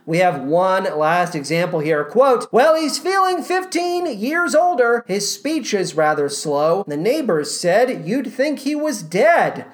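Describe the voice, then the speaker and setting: A woman's voice: medium pitch, sing-song, unhurried, few pauses. A woman hosting a podcast, giving casual, sarcastic commentary on cast recordings. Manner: sarcastic, exasperated asides. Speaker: podcast host.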